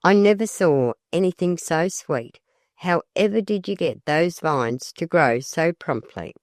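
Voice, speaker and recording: An audiobook narrator voicing a lively, practical young college woman in a brisk, friendly way. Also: medium pitch, no room sound, studio quality, lightly acted.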